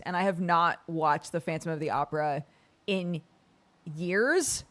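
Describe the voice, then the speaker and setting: A woman's voice: on the low side, animated, unhurried. A woman streamer chatting casually on a livestream, laughing often and playfully breaking into song. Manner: playful, bursts into sung lines.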